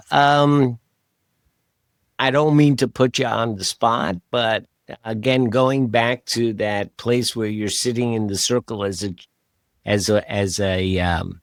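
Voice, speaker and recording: Male podcast host, low voice, easygoing rambler, dry close sound. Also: dry recording. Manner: relaxed, rambling with many fillers and restarts. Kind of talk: casual interview chat.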